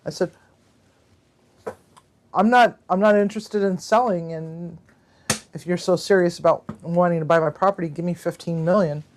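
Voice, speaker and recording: A woman's voice: mid-range voice, darkish tone. A woman hosting a casual livestream card game, reading out players' answers with chatty asides and frequent laughter. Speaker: livestream host.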